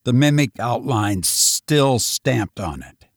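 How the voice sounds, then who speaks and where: A man reading a story aloud as narrator, in a measured, dramatic storytelling manner. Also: mid-range voice, lively intonation, no room sound, studio quality. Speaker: audiobook reader. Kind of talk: scripted narration.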